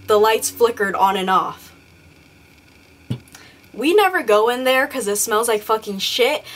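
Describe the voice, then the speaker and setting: A young woman telling a ghost story in a casual vlog, rambling and swearing constantly. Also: fairly high pitch. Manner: profane, rambling, animated storytelling. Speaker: beauty vlogger.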